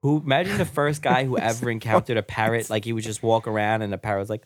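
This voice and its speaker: A podcast co-host in casual chat, telling stories in an excitable rush and jumping into high-pitched mimicry. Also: fast, no echo, studio quality.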